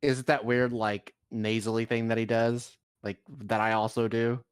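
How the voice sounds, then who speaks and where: A man's voice: medium pitch, level tone, moderate pace, clean tone, dry recording, studio quality. Blunt, swearing man ranting. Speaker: stream co-host. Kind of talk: casual chat reacting to a video.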